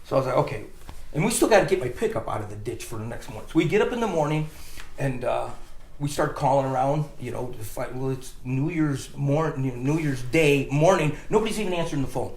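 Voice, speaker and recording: A man's voice: mid-range voice, animated, brisk, a little mellow, roomy sound. A man telling a long funny story in a rambling casual way, stopping to restart and laughing as he goes.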